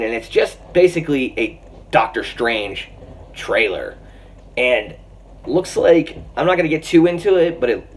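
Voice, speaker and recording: A young man giving a casual, excitable film review, rambling with lots of restarts and fillers. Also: mid-range voice, breathy edge, distant mic. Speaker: movie reviewer.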